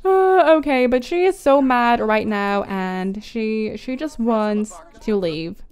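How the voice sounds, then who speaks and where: A woman's voice: fairly high pitch, expressive, slow pace, a little mellow, clear, resonant tone. A young woman giving chatty, dramatic gameplay commentary, often giggling. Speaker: gaming YouTuber.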